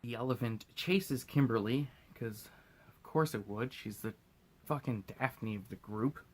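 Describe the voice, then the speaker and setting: A drunk man hosts a loose, crude, rambling recap of a movie, often acting out lines in silly voices. His voice is medium-pitched and unhurried.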